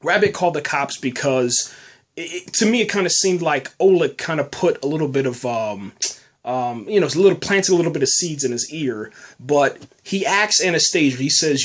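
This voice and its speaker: A man's voice: a little high, expressive, normal speed. A man hosting a podcast, giving a casual, rambling spoken review full of fillers and restarts, often saying "man". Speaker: podcast host reviewing a TV episode.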